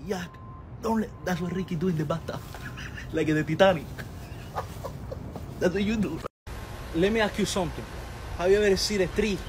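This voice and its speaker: A man's voice: high-pitched, noisy background. Teasing man. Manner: teasing, broken English, mock lecturing. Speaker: comedian. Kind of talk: comedic skit monologue.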